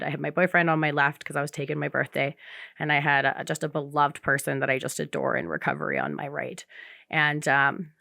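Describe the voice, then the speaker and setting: A woman's voice: low voice, gravelly, fairly bright tone, dry recording, studio quality. A woman guest on a podcast, speaking candidly in casual chat and acting out quotes as she tells her story.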